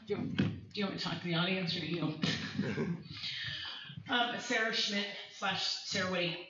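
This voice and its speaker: A woman's voice: fairly low pitch, normal speed, heavy background noise. Heartfelt woman teacher in an echoey hall. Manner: heartfelt, personal, rambling with restarts. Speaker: music teacher. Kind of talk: emotional public speech at a community meeting. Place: school meeting hall. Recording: echoey hall from far off, dull.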